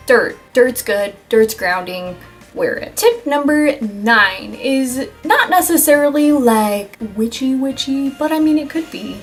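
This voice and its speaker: A young woman talks through self-care tips in a loose, rambling vlog, joking at herself and swearing now and then. Her voice sits a little high. Faint music plays under her. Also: lively intonation, slow pace. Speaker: vlogger. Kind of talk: casual self-help vlog.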